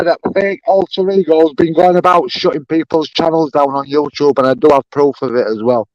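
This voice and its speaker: A man's voice: a little high, fairly even intonation, brisk, few pauses, dry recording, muffled recording, soft background music. A young man, ranting angrily and swearing on a live-stream panel. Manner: angry, swearing, repetitive.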